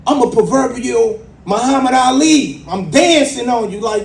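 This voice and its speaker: Man, forties, very high voice, impassioned rhythmic speech, echoey hall. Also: normal speed, creaky. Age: 40s. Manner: rhythmic, preacherly, rising to loud emphatic peaks. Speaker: exonerated speaker at a book launch. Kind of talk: impassioned spoken-word speech to a crowd. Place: community event hall with audience. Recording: echoey hall, mic from far off.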